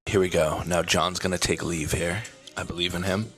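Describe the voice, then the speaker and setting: A man's voice: low voice, steady tone, moderate pace, a bit bright. A man hosting a food vlog, chatting casually and laughing often at a restaurant table. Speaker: food vlogger host. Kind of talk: casual food review chat. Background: background music.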